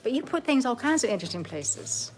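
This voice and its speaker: A woman's voice: on the high side, big pitch swings, a little fast, a little mellow, soft background music. A woman co-hosting a playful live cooking chat in a home kitchen, teasing and mock-genteel in a put-on Southern drawl. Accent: put-on Southern American drawl. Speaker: co-host.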